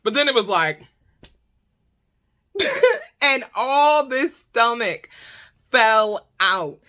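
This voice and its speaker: A woman telling a comic storytime to her camera, animated and blunt, laughing often. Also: on the high side, slow. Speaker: storytime vlogger. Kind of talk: casual comedic storytime. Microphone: talking to her own camera.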